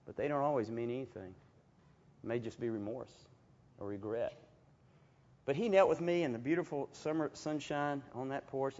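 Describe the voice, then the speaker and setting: A man preaching a sermon, telling stories in a folksy, animated way with chuckles. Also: mid-range voice. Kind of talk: storytelling sermon. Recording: dull lo-fi recording.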